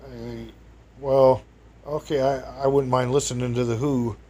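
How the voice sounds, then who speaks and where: A man's voice: mid-range voice, level tone, measured pace, warm tone. A man telling a rambling personal anecdote to an audience, chatty and meandering, breaking into exclamations and chuckles. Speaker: storyteller.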